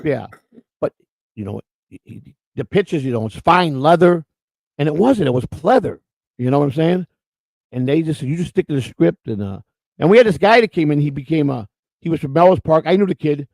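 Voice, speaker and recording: A man's voice: a little high, lively intonation, a little fast, creaky, darkish tone, no room sound, rough recording. A man co-hosting a casual livestream chat, telling long rambling stories and often repeating words. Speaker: co-host.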